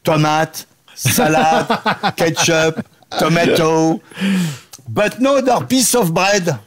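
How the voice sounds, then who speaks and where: A man with a French accent, appearing as a guest impressionist, tells a comic anecdote in broken English and laughs at his own punchlines. His voice is on the high side and slow.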